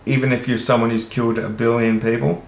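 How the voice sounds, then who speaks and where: A man's voice: mid-range voice, flat delivery, fast talker, creaky, slight background noise. A man with an Australian accent who talks to the camera in an earnest, rambling monologue and swears casually. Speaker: vlogger. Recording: roomy echo.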